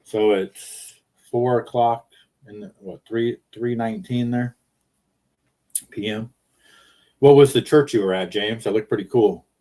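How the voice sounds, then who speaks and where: Rambling low-voiced man chatting on stream. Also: unhurried, pauses often, dark tone. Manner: rambling, jokey, reads viewer comments aloud. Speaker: livestream host. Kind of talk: casual livestream chat reading comments. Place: in a car.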